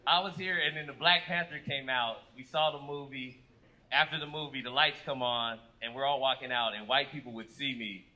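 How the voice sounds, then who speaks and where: On a comedy club stage before a live audience, an American man tells lively stories with acted-out quotes during a stand-up set. His medium-pitched voice runs a little fast, and the rough live recording includes audience noise.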